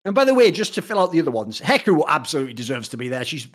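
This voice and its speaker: A man trades sardonic, sweary podcast banter with a co-host. His voice is husky and sits a little high, and it swings widely in pitch. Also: sing-song, rapid-fire.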